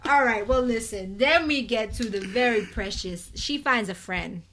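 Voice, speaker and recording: A woman's voice: on the high side, moderate pace. A woman co-hosting a casual chat show, animatedly recapping a soap opera and calling out to her listeners. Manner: animated, addresses listeners as "people". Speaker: co-host.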